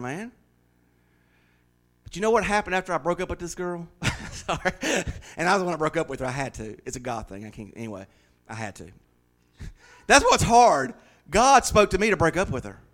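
A man preaching a sermon as pastor, swinging from loud, rising declarations to hushed, confiding stories. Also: a little high, lively intonation, fairly quick.

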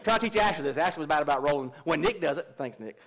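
High-voiced pastor preaching. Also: male voice, expressive, very fast. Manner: folksy, confessional, jokes with the congregation. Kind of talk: sermon. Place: church.

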